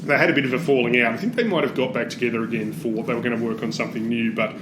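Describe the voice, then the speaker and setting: A man's voice: mid-range voice, rapid-fire, noisy background. Wry man in an echoey room. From Australia. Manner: wry, chuckling often. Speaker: podcast co-host. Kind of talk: casual chat.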